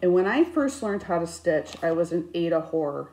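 A woman in her fifties chatting casually about her crafts, with self-mocking, animated storytelling. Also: lowish voice, moderate pace. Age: 50s. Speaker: cross-stitch vlogger. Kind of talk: casual chat. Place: indoors, her craft room. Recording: echoey room.

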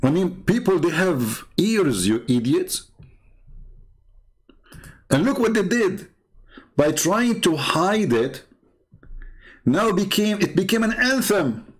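Guy hosting a show, kinda high voice, sarcastic, keeps laughing and repeating himself. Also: very animated, slow pace, long pauses, husky. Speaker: host. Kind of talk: mocking commentary.

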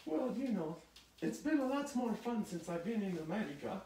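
A woman's voice: medium pitch, lively intonation, normal speed, warm tone, slight background noise, natural voice. A woman putting on a theatrical foreign hostess who drawls and calls everyone darling, in an echoey home room. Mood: gushing. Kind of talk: home comedy show hosting.

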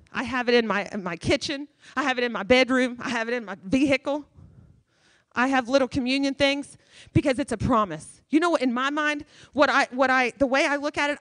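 Emphatic woman preaching, fairly high voice. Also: no room sound, clean studio sound. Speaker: guest speaker. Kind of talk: sermon. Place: church.

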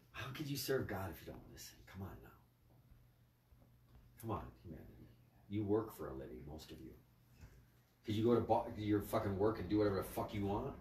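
A man's voice: fairly low pitch, a little mellow, a little hiss or hum. A man leading a spiritual group on a livestream, talking in a profane, scolding way. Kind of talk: livestream talk. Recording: echoey room, mic at a distance.

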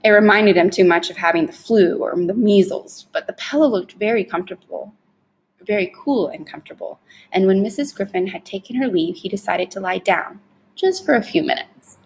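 A woman narrating a storybook chapter in an expressive, measured storytelling voice. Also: medium pitch, creaky, a little hiss or hum, poor audio. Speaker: storybook reader. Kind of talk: audiobook narration.

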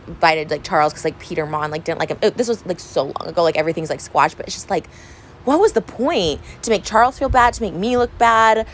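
A woman's voice: lowish voice, a little hiss or hum, rough recording. A woman in her thirties venting in a personal vlog, rambling and upset, full of fillers and restarts, tearful at times, recorded on a phone camera. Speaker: vlogger. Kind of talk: emotional personal vlog rant.

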